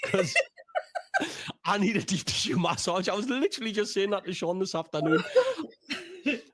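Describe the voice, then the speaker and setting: A man's voice: sits high, animated, moderate pace, a bit bright. A man with a Geordie accent, a stand-up comedian chatting on a podcast, joking and swearing freely. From North East England. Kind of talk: casual podcast chat.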